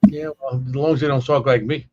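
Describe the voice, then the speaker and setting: A middle-aged man co-hosting a casual chat, talking in halting, rambling bursts with many restarts. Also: medium pitch, steady tone, background noise. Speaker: co-host. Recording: muffled lo-fi audio.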